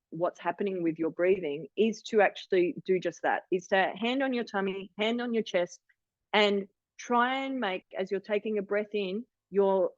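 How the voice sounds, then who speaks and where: A woman's voice: medium pitch, no room sound, highs cut off. A woman in her forties leading an online workshop, chatty and encouraging, with frequent restarts. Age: 40s. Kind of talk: online wellness workshop talk. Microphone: video call.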